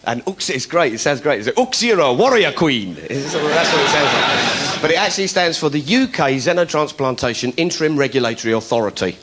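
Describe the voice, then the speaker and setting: A man doing stand-up storytelling, animated and laughing, slipping into high voices to mimic people. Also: brisk, few pauses, noisy background. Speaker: stand-up comedian.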